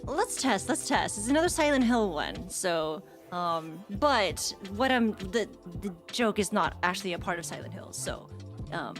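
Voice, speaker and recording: A woman's voice: medium pitch, lively intonation, measured pace, soft background music. A young woman streamer chatting casually, goofy and giggly, laughing at herself. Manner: giggly, goofy, self-mocking. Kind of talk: casual chat.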